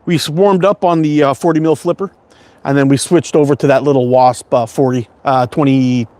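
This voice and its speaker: A man's voice: mid-range voice, steady tone, brisk, darkish tone. A middle-aged man from Canada rambling through a casual livestream chat, swearing freely and laughing often. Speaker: slingshot livestream host.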